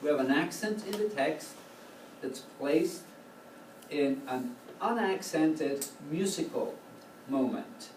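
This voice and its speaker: A man's voice: on the high side, lively intonation, slow, a little mellow. A man teaching a choral conducting class, explaining patiently and singing short phrases to demonstrate. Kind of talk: classroom instruction. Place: rehearsal room with a choir. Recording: echoey, distant, noisy room recording.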